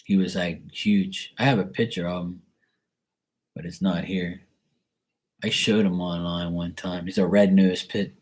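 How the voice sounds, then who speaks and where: A man's voice: deep voice, steady tone, measured pace, a little mellow. A man, a tarot reader, chatting casually and candidly with his live-stream viewers in a rambling, laid-back way.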